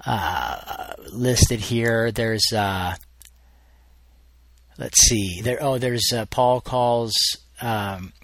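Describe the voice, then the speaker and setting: A man teaches from the Bible in a relaxed, conversational way, thinking aloud and often circling back to restart a sentence. His voice sits at a middling pitch for a man. The sound is close and dry, with no room echo. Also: very slow.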